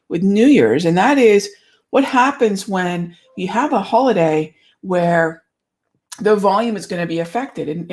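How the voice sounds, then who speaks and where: Upbeat woman host chatting on a webcam stream, lowish voice, lots of restarts, bit winded. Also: darkish tone. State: a bit out of breath after exercise. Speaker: trading show host. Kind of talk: casual livestream chat. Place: office.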